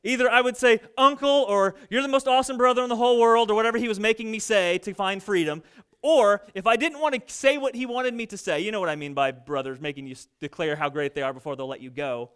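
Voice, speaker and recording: A young adult man preaching a sermon, telling a story in an animated, conversational way to his congregation. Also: sits high, quick pace, clean tone. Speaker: pastor. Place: church sanctuary.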